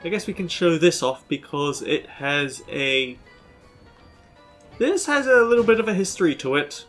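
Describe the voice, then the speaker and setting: High-voiced chatty let's play man. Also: animated, moderate pace, a bit bright. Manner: chatty, musing, with frequent hesitations. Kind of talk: casual gameplay commentary. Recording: faint game music behind.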